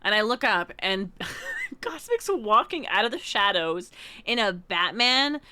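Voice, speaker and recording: A woman livestreamer telling a story in casual chat with her viewers, excitable and laughing often. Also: mid-range voice, a little slow. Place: room at home, alone.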